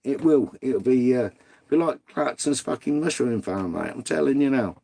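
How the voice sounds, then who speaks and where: A man's voice: mid-range voice, expressive, normal speed, gravelly, warm tone. A middle-aged man, chatting casually on a live stream, swearing freely and bantering with viewers. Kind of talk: casual live-stream chat reading comments.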